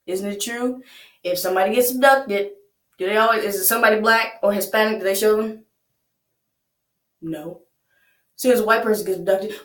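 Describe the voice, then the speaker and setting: A woman's voice: fairly high pitch, echoey room. A young woman hosting a reaction video, chatting casually, laughing often and asking rhetorical questions.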